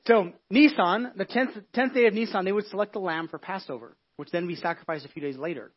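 Male pastor, casual sermon, high voice, quick delivery, muffled lo-fi sound. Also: husky. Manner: animated storytelling with many restarts and asides. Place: church.

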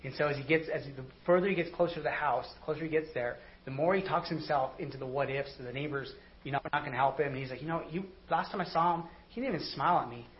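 A pastor with a fairly high voice talks fast, delivering a conversational sermon full of animated stories and frequent checks of "right?". The audio, taken from an online service recording, sounds slightly dull with faint noise.

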